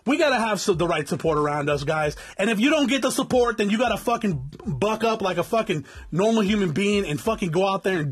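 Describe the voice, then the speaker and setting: A man's voice: high voice, breathy edge. A man in his forties from South Tucson, Arizona, bluntly lecturing viewers in a profanity-laced motivational rant and calling them guys. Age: 40s. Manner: blunt, swearing constantly, lecturing. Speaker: vlogger.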